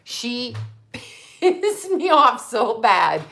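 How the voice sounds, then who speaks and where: A woman hosting a livestream, telling stories casually, animated, laughing often and swearing freely. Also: on the high side, extremely slow, vocal fry. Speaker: livestream host.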